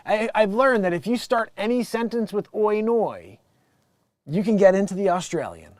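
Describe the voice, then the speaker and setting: Lively joking man host. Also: sits high, moderate pace, a little hiss or hum. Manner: rambling, jokey, keeps laughing at his own bits. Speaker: talk show host. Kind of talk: comedic news commentary.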